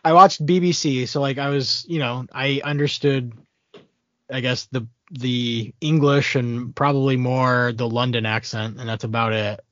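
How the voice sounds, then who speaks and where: A Midwestern man with a medium pitch and fairly even intonation chats about movies, unhurried and hesitant, with plenty of fillers and restarts. The sound is dry, dull and lo-fi with no room sound.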